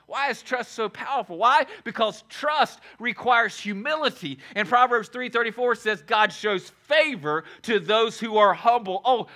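A man preaching a sermon as pastor, emphatic and repetitive, swinging from shouted lines to quiet asides. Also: sits high, normal speed, few pauses. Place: church sanctuary.

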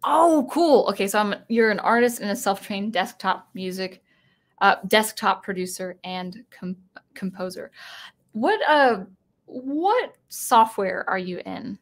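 A woman's voice: mid-range voice, lively intonation, a little slow. Rambling woman hosting a casual live stream. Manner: rambling, many restarts and self-corrections; chatty and reading viewer comments aloud.

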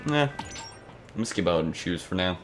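Chatty young man, low and lively voice. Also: a little fast, over music. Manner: chatty, rambling, self-mocking. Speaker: gaming channel host. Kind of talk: casual let's-play commentary.

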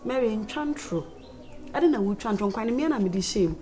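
A woman's voice: medium pitch, expressive, fast talker, warm tone, close to an everyday voice. A woman playing a mother scolding a child, with a Ghanaian accent, in a Ghanaian movie.

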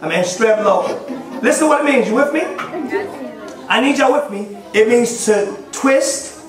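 A man preaching a sermon as bishop, excitable, laughing often and calling on the congregation to follow along. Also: very high voice, measured pace, some chatter behind. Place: church hall. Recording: very echoey hall, recorded from far off.

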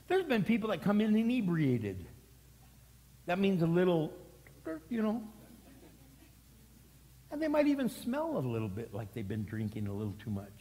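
A male pastor preaching from the pulpit in a big sanctuary, his slightly high voice trailing off in a long hall reverb. He tells stories animatedly, slipping into character voices and then jumping up to loud, emphatic peaks. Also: very animated, moderate pace, slight background noise. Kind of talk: sermon. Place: church sanctuary.

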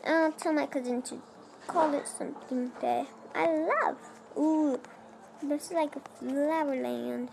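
This let's play creator, a young girl, plays a block-building game while casually rambling to viewers and herself, her phrasing non-native. Her woman's voice is high-pitched and unhurried, with vocal fry, against a noisy background.

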